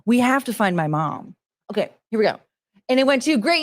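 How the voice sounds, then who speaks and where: A woman in her forties chatting casually on a livestream, rambling and excitable, swearing freely, with sudden loud outbursts. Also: fairly high pitch, brisk, slight background noise. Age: 40s. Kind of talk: casual livestream chat reading viewer messages.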